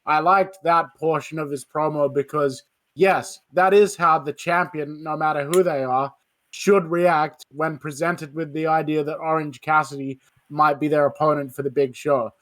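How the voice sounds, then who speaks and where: A man co-hosting a casual podcast chat, calmly explaining his view. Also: a little high, moderate pace, no echo. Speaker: podcast co-host.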